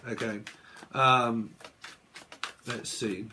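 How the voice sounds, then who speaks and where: A man's voice: medium pitch, steady tone, drawn-out words, sharp tone, slight background noise. A man talking as a tarot reader in a blunt, sweary casual vlog rant, laughing often.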